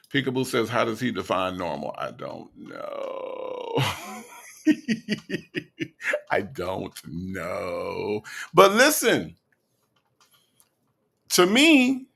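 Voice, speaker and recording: Man, gravelly voice, sarcastic reaction commentary, slow mocking delivery. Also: a little high, bright, forceful tone. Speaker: commentary host.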